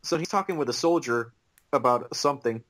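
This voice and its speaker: A man's voice: mid-range voice, a little fast, a bit bright. A man co-hosting a casual podcast, talking hesitantly with ums and restarts. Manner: hesitant, many ums and restarts, laughs easily. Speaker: podcast co-host. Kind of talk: casual chat.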